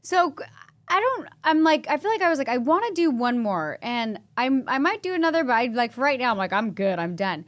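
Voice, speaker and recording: A woman's voice: high-pitched, very animated, a little fast, a bit bright. A woman hosting a podcast, chatting casually and rambling, tired and a bit loopy, laughing often. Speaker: podcast host.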